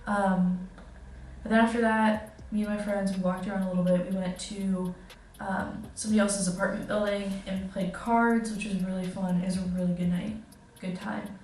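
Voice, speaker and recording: A woman's voice: medium pitch, level tone, normal speed, a little mellow, slight background noise. A young woman vlogging as a study-abroad student, telling stories in a chatty, giggly way full of filler words. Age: young adult. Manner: chatty storytelling, many "like"s and giggles. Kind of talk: casual vlog chat. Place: kitchen indoors. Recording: echoey room, distant mic, faint music.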